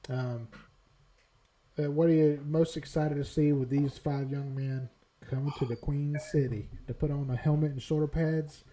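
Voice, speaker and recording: A man's voice: fairly high pitch, steady tone, moderate pace, warm tone, rough recording. A man hosting a casual sports podcast, upbeat and laughing often as he banters. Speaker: podcast host.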